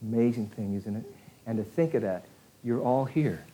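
A man preaching a conversational sermon, asking his listeners questions and swinging from quiet, hushed asides to loud, acted outbursts. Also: medium pitch, moderate pace, breathy edge. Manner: conversational, asks the audience questions.

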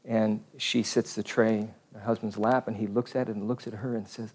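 Low-voiced priest telling jokes in a homily. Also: male voice, level tone, a little mellow, slight background noise. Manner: conversational storytelling with pauses.

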